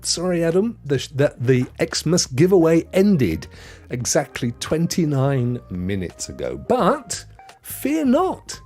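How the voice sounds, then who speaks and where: Man, live-stream host, joking, wildly swooping pitch. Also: wildly swooping pitch, slow, a little mellow, faint music behind. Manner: chatty, jokey, reads chat aloud. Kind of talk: casual live-stream chat.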